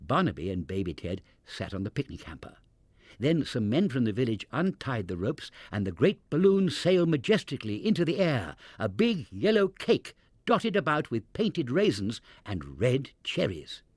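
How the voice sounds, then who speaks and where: Animated male storybook reader. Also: medium pitch, moderate pace, breathy edge, no echo, studio quality. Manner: expressive and animated. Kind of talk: children's storybook reading.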